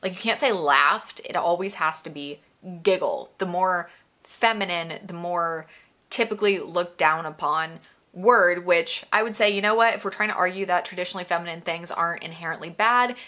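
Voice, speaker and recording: A woman talks through a video essay in casual, emphatic commentary. Her voice sits a little low but sounds bright and forceful. She keeps asking pointed, exasperated rhetorical questions, with plenty of "like" in between. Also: moderate pace. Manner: casual, filler-heavy with frequent "like".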